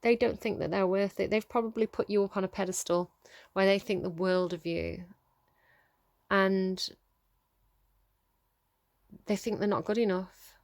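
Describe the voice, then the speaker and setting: A woman's voice: medium pitch, steady tone, a little slow, long pauses, a little mellow, no echo. A woman giving a casual tarot reading straight to her viewers, earnest and coaxing, laughing often between points. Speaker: tarot reader.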